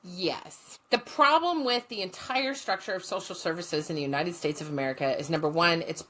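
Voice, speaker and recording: A woman's voice: fairly low pitch, a little fast, fairly bright tone. A woman guest, a former social work teacher, telling stories in a blunt, profane and passionate way. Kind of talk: storytelling in conversation.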